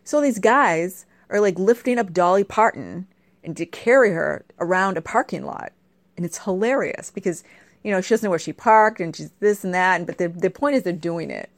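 A woman's voice: lowish voice, lively intonation, normal speed, no room sound. Woman host, sarcastic comic ranter, scolding and emphatic, dry close sound. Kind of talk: casual comedic rant.

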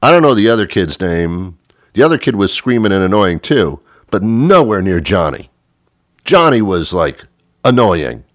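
A man's voice: on the low side, big pitch swings, normal speed, no echo, studio quality. A man telling a comic rant in an indignant, mock-pompous storytelling manner.

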